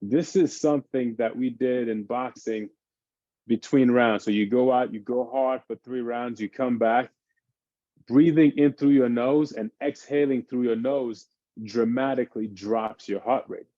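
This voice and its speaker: Warm-voiced fitness dad, dull call audio. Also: male voice, medium pitch, unhurried, no echo. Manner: animated, explains by acting out his kids' games. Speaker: fitness expert on a parenting panel. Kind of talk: casual panel discussion.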